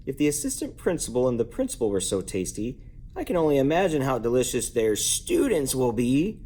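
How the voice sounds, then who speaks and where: A man reading a children's book aloud at bedtime at home, lively and playful, jumping up in pitch to give each character a voice. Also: brisk. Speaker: parent reading a bedtime story. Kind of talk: bedtime story read-aloud.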